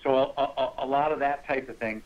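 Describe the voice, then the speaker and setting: Animated man telling hunting stories, muffled. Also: mid-range voice, brisk. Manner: animated, acts out quoted voices with laughter. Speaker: guest hunter. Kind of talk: casual storytelling.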